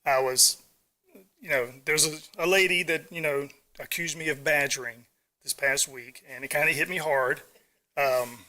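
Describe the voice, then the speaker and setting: A middle-aged man giving an earnest, halting public comment at a council meeting, fighting back emotion. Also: fairly high pitch, steady tone, bright, forceful tone. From Virginia Beach area, US.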